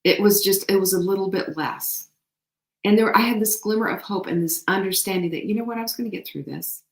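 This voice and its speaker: A woman hosting a show, giving an animated, faith-filled motivational talk to women. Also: mid-range voice, a little fast. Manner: animated, emphatic, faith-inspired encouragement. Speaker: show host. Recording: echoey room.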